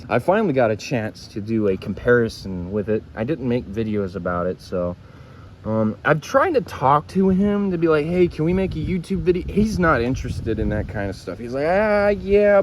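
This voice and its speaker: A man's voice: medium pitch, slight background noise. A man casually reviewing a gadget for his viewers, rambling and retelling a friend's reactions with some swearing. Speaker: YouTube reviewer.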